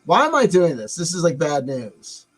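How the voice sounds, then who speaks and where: A man's voice: on the high side, very animated, moderate pace, fairly bright tone, husky, faint music behind, poor audio. A man hosting a casual live stream, musing aloud, rambling and swearing as he decides what to show next.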